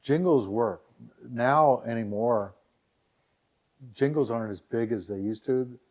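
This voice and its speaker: A man's voice: medium pitch, a little slow. A man being interviewed on a podcast, telling stories casually and acting out quotes with animation. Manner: animated, acts out quotes in a raised voice. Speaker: guest, dating site founder.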